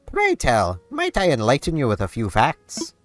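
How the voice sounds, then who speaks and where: A man voicing a fussy, excitable male owl who runs a museum, speaking in pompous, flowery, old-fashioned phrases with gushing exclamations. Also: medium pitch, moderate pace, faint music behind, pitched above the performer's own voice. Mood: lecturing.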